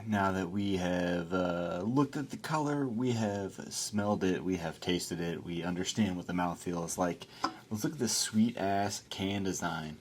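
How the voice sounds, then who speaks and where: A man's voice: sits low, unhurried. A man co-hosting a beer review show, talking in a laid-back, rambling way with plenty of fillers. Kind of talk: casual beer review chat.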